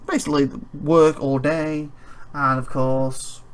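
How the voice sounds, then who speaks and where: Slow and clean-toned, a slightly high male voice with little pitch movement belongs to a let's play host. He's tired and yawning as he reads the game's text aloud, with rambling commentary and chuckling asides in between.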